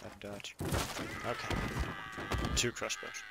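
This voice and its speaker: A man's voice: on the low side, little pitch movement, moderate pace, vocal fry, pauses often. A man giving frantic, swearing, sarcastic live commentary while playing a video game. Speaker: gaming video creator. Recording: noisy game audio behind.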